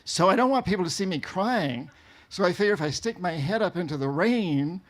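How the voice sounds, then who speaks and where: A man from New England telling a travel story to an audience in an animated way, laughing often. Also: high-pitched, brisk. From New England, USA. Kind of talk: storytelling talk.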